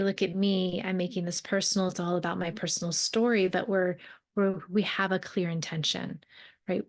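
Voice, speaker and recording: A young woman with a low-pitched voice hosts her own podcast in a reflective, earnest way. She talks conversationally, often rephrasing mid-sentence and adding fillers like "um" and "right?". The overall tone is that of a mentor speaking directly to listeners. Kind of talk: reflective solo podcast talk.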